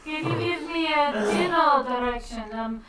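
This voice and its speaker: A woman's voice: sits high, moderate pace, over music. Hesitant woman player in an echoey room. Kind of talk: casual tabletop play. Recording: echoey room, far from the mic, voices behind.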